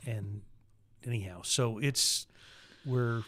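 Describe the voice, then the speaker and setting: A man's voice: medium pitch, takes it slowly, a bit bright, slight background noise. A man co-hosting a casual political podcast, explaining things in a plain, matter-of-fact way. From Utah, United States. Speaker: podcast co-host.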